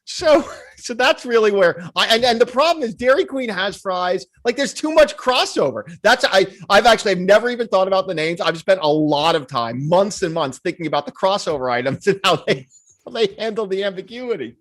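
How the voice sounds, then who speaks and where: Guy on a chatty podcast, high voice that jumps all over, rambles and cracks jokes. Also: lively intonation, a little fast, a bit bright. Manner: rambling, jokey storytelling. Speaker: podcast co-host. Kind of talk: casual chat.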